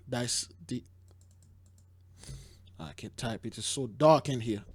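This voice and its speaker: A man's voice: mid-range voice, slow pace, husky, no room sound. Rambling man with a dry close voice. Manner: rambling, exclaims and stumbles over words. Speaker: host. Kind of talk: casual commentary on news clips.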